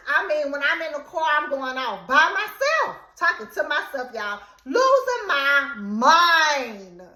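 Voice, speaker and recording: High, slow, bright-voiced woman telling a story. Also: reverberant. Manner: animated, dramatic retelling with quoted outbursts. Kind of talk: casual story time.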